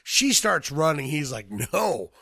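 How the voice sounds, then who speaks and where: Lively, bright-voiced man co-host. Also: a little high, moderate pace, dry recording, studio quality. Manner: expressive, swearing, jumps into quotes. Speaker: podcast co-host. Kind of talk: casual film chat.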